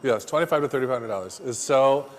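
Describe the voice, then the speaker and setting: A man teaching a floral design class, telling lively stories in an emphatic, salesy way. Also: mid-range voice, fast talker, long reverb tail. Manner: animated storyteller, salesy and emphatic. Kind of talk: classroom lecture with anecdotes. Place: flower design school classroom.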